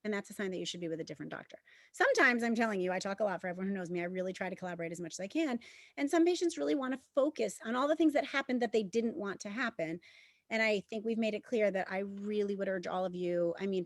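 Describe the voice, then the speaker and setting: A woman's voice: medium pitch, quick pace, dry recording, studio quality. A woman obstetrician explaining birth to listeners in casual chat, earnest and insistent.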